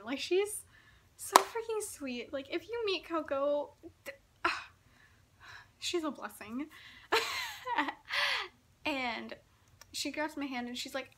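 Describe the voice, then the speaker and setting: A young woman vlogger tells a story in a casual vlog, high-pitched, giggling often and talking in an excitable, breathless way full of fillers.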